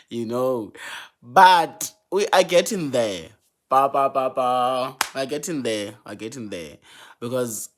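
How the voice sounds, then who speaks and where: A man's voice: on the low side, a little mellow. A young man from South Africa, vlogging to camera in an emotional, pleading way, often stammering and repeating himself. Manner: pleading, repetitive, stammers and restarts. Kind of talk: emotional vlog talk to camera.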